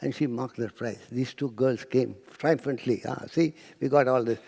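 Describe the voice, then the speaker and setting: A man's voice: mid-range voice, steady tone, normal speed, vocal fry, a little mellow, breathy edge, long reverb tail. A man giving a spiritual talk to an audience, telling stories and acting out quotes, sometimes dropping to a near-whisper. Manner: storytelling lecturer, acts out quotes, drops to near-whisper. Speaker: spiritual speaker. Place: lecture hall with audience.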